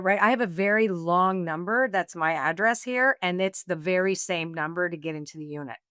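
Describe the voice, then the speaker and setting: A woman being interviewed, telling a personal story in a lively, laughing way and acting out what she and others said. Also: fairly low pitch, no room sound, studio quality. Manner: animated, laughing storyteller, acts out her own quotes. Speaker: guest, oracle deck author.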